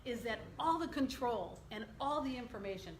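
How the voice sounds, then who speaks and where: A woman's voice: a little high, normal speed. Upbeat woman presenting to a room. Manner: lively, questions the audience. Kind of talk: interactive workshop presentation. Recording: echoey room, faint background noise.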